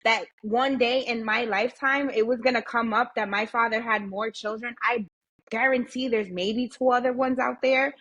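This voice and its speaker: A woman's voice: fairly high pitch, fairly even intonation, moderate pace, fairly bright tone, muffled recording. A woman, young adult to thirties, telling a family story as a podcast guest in a candid, blunt way, swearing freely and acting out the voices of the people she quotes. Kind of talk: casual storytelling chat.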